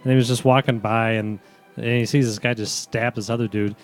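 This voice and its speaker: A man co-hosting a podcast, telling animated, profane stories and mimicking other people's voices in crude banter. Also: medium pitch, fairly quick, no room sound, faint music behind. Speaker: podcast co-host.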